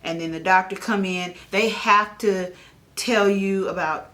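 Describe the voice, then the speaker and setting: Woman, 30s, casual family vlog, animated storytelling, middle pitch. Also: measured pace. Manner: animated, mimics others with a raised voice. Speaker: vlogger and mother.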